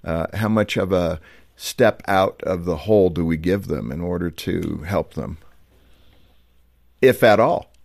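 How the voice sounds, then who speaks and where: A low-voiced man asks a guest questions on a radio show, close to a studio microphone. He sounds conversational and thinks out loud. The recording is dry, with no room sound. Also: measured pace, vocal fry, dry recording. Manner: conversational, thinks aloud while asking. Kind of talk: interview questions.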